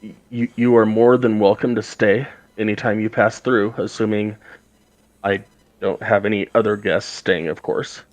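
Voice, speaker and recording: A man's voice: on the low side, fairly even intonation, normal speed, dry recording, lightly acted. Man voicing a shy, stammering town speaker. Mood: modest. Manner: hesitant, formal, stumbling over words.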